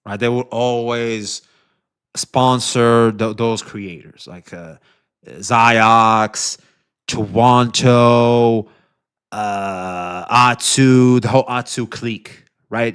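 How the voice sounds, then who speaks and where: A man's voice: mid-range voice, steady tone, drawn-out words, a bit bright, smooth. A man streaming live and reacting to a video, talking straight to his chat in a loose, profane way full of restarts. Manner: addresses chat directly, frequent restarts and swearing. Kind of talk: livestream reaction commentary.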